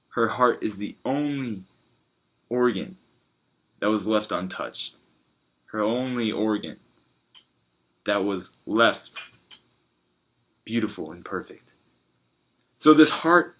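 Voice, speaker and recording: A man preaching a sermon, telling a story in an earnest, halting way with pauses and fillers. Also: lowish voice, bright, forceful tone.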